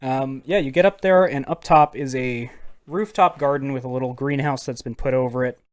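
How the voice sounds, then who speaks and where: A man's voice: mid-range voice, moderate pace. A man running a tabletop role-playing game as game master, in a casual, joking way that includes swearing. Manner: casual, swearing, laughing often.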